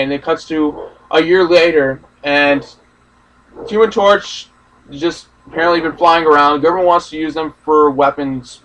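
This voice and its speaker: Young man, casual rant, profane and rambling, higher voice, distant recording. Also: fairly bright tone. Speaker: movie reaction host. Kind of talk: casual ranting movie discussion.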